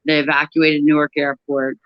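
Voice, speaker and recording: A woman giving a personal testimony about her work at an airline crew desk, talking in a halting way with many pauses and restarts. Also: sits low, little pitch movement, no echo, lo-fi sound.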